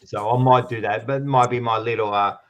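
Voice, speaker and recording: A man's voice: medium pitch, fairly even intonation, fairly quick, fairly bright tone. A man with an Australian accent co-hosting a sports show, casually teasing and needling his rival and swearing now and then. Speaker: podcast co-host. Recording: dull lo-fi sound.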